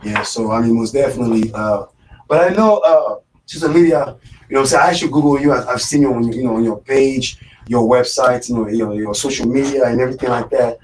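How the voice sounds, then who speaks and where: A man's voice: medium pitch, a little fast, a little mellow, recorded from a distance, slight background noise, rough recording. A man hosting a live radio show in casual chat, rambling with lots of fillers and repeated words. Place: radio studio.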